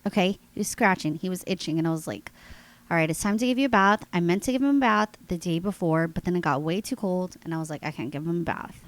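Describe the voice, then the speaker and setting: A woman's voice: on the low side, quick pace, few pauses, no room sound, poor audio. A woman in her thirties hosts her own podcast, telling a long personal story in a loose, chatty monologue. Her nose is congested, and she laughs easily as she talks to her listeners. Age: 30s. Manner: chatty, animated, laughs often, addresses listeners as guys. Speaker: podcast host.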